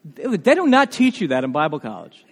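A man preaching with a high, very lively voice that swoops up and down as he tells stories. He often restarts his phrases mid-thought. His voice rings out in a church hall with a long echo. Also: fairly quick, breathy edge. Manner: animated storytelling with frequent restarts. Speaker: pastor. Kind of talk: sermon.

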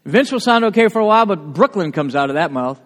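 A man with a New England accent, a pastor preaching a sermon in a lively, conversational way, full of rhetorical questions. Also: high voice, fast. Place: church sanctuary. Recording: long church reverb.

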